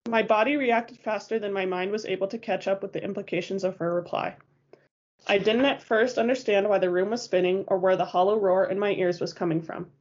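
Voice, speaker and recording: A woman reads a first-person novel as an audiobook in a steady, measured way. Her voice is husky and breathy, at a middle pitch for a woman, and the recording sounds dull and lo-fi. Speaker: audiobook narrator.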